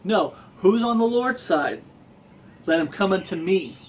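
A man's voice: high voice, lively intonation, a little slow, a little hiss or hum. A man preaching a fervent sermon, pressing his listeners with repeated questions.

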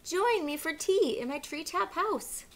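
A woman voicing a hungry owl in a picture-book reading, hooting and excitable. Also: very high voice, measured pace, voice pushed up, full character voice. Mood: grand. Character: grand, hungry owl in a tree.

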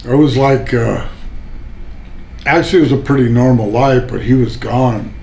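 A hoarse older man telling stories about his career in a casual interview, rambling and correcting himself. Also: medium pitch, normal speed, dark tone, a little hiss or hum, rough recording. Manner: rambling storyteller, self-correcting. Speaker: interview guest.

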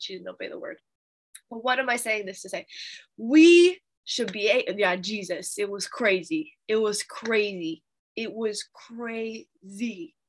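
A young woman teaching a Bible study, telling a testimony in an animated, chatty way with fillers. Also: medium pitch.

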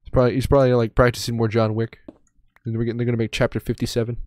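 A young male streamer talks through his game in a rambling, joking way, often poking fun at himself. His voice sits in an ordinary middle pitch. The sound is close and dry, with no room around it. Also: flat delivery, rapid-fire, a little mellow, no room sound. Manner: joking, rambling, self-mocking. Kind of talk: casual gaming commentary.

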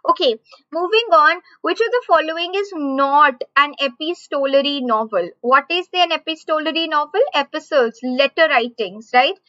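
Bright high-voiced Indian woman teaching. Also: no room sound, lo-fi sound. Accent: Indian English. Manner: repeats questions slowly, drawn-out emphasis. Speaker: online exam-prep teacher. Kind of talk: live online class.

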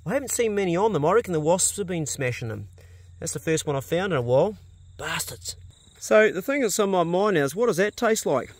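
Earthy New farmer, fairly high voice. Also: male voice, animated, a little fast. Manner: earthy, blunt, swears freely. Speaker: farmer vlogger. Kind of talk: casual walk-and-talk vlog. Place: outdoors on a farm. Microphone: phone camera.

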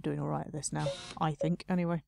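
A woman's voice: deep voice, level tone, quick pace, gravelly, heavy background noise. A woman talking casually to herself while playing a video game, muttering and playfully scolding the game's customers. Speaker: gaming video host. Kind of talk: casual let's play commentary.

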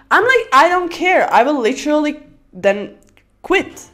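Young female chess streamer, high bright register, talks nonstop in loose rambling stories, flares up excitedly at the board. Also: unhurried. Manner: chatty, rambling storyteller with excited outbursts over moves. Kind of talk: casual chat while playing blitz chess.

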